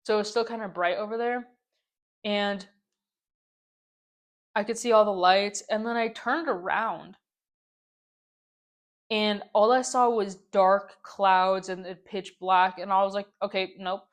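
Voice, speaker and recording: Steady in tone with a mid-range voice, this young podcast host speaks at a measured pace and pauses often. Her casual story-time vent rambles on with exasperation, frequent "like," and repeated complaints.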